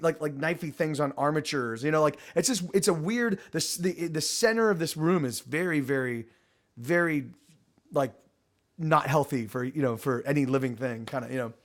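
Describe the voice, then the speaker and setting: A man narrating a tabletop game as game master, rambling with many restarts. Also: fairly high pitch.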